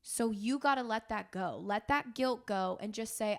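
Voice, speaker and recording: A woman's voice: fairly high pitch, normal speed, few pauses. A woman hosting a podcast, talking in an earnest, encouraging and emotional way. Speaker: podcast host. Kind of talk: heartfelt podcast talk.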